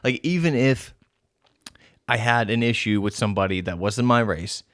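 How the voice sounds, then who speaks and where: A young man in casual podcast chat with a medium-pitched voice. He talks frankly, swears freely and builds his arguments point by point. The sound is dry and close. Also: normal speed, fairly bright tone, dry recording. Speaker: podcast host.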